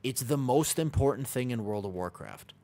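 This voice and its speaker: A man's voice: medium pitch, expressive, normal speed, mellow. An American man from Los Angeles, chatting casually on a live game stream, reading out and answering viewer questions. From Los Angeles, USA.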